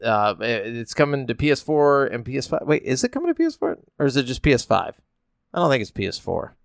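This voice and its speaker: A man's voice: mid-range voice, very animated, quick pace, vocal fry, no echo, studio quality. A man hosting a casual gaming news podcast, reading out quotes and rambling loosely between them. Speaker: podcast host.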